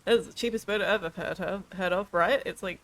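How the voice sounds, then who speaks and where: A woman's voice: mid-range voice, quick pace. Giggly chatty woman streamer. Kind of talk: casual game commentary.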